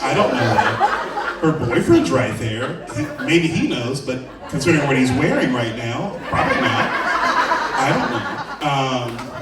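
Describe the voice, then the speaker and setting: A man doing a stand-up comedy set as a comedian and trivia host, rambling, profane and self-deprecating, working the crowd. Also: mid-range voice. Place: comedy venue with a live audience. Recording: roomy venue mic from a distance, crowd noise. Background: audience laughter.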